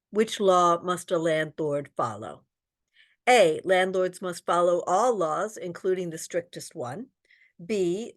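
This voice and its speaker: A woman instructor leading an online exam-prep lesson, reading out test questions and explaining the answers with frequent ums. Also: fairly low pitch. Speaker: real estate exam instructor.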